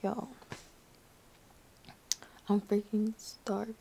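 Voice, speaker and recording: A woman's voice: fairly high pitch, flat delivery, measured pace, vocal fry, dark tone, a little hiss or hum. A young woman in pain after surgery, whispering a late-night vlog into her phone in her living room, weary, sighing and out of breath. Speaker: vlogger.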